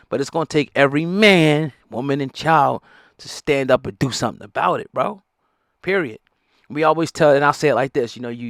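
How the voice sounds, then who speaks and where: A man's voice: mid-range voice, fairly bright tone, no echo, clean studio sound. A middle-aged man, giving heated, blunt, profane commentary. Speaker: hip hop news commentator. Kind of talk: opinionated commentary.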